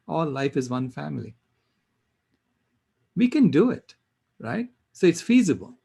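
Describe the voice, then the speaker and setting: An older man speaking on a panel, telling a personal story in an earnest, halting way with fillers. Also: medium pitch, darkish tone, husky. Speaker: panel speaker, systems engineer.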